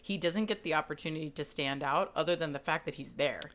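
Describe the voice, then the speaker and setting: A woman with a fairly low voice co-hosts a podcast. She talks casually and with gusto, swears freely, and acts out her reactions as she goes. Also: quick pace. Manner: enthusiastic, swears freely, animated quoting. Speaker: podcast co-host. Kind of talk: casual chat.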